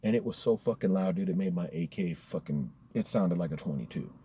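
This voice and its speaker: A man with a very dark, mellow, husky voice tells a story casually. He sits a little low in pitch and swears freely. His delivery is laid-back and chatty, with "dude" scattered through it. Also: expressive, fairly quick.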